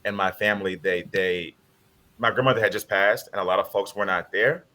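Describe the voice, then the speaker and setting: Low-voiced guy on a video call, earnest heartfelt storytelling, bright forceful tone. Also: brisk. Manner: earnest, heartfelt retelling with quoted dialogue. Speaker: panelist. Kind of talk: personal storytelling in a panel discussion.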